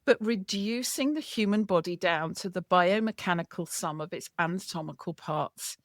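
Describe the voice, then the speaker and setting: Woman author chatting lively, tells stories, dry close mic. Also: fairly low pitch, normal speed, no echo. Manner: lively, chatty storytelling with laughs. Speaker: author being interviewed. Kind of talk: casual chat.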